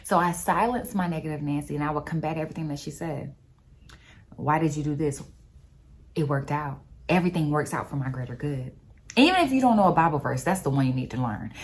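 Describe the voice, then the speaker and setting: A woman talking casually about faith, telling personal stories in an animated, conversational way. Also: low-pitched, fast talker. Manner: animated storyteller, expressive and conversational. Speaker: vlogger.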